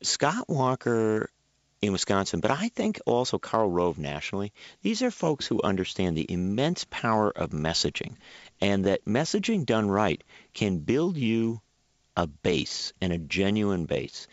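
A man speaking as a guest on a public radio talk show, making his points in an emphatic, animated way. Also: lowish voice, a little slow, dry recording, highs cut off. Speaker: guest commentator.

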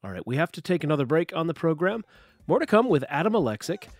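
A man's voice: fairly high pitch, big pitch swings, fast talker, dry recording. A man hosting a public radio interview, asking questions conversationally and sometimes searching for words. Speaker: radio host.

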